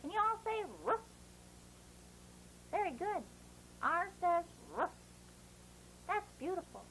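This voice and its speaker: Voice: extremely high pitch, animated, slow, bright, forceful tone, a little hiss or hum, heavily acted, rough recording. A performer voicing a cheerful puppet boy who teaches children to write letters in a bouncy, encouraging, sing-song way. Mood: cheery. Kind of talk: playful kids' lesson.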